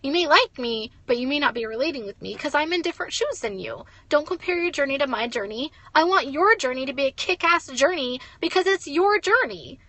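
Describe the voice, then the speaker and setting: A woman's voice: sits high, animated, fairly quick, hardly any pauses, pushed and bright. A young woman giving a blunt, ranting motivational talk as a network marketing leader, swearing and saying "like" a lot.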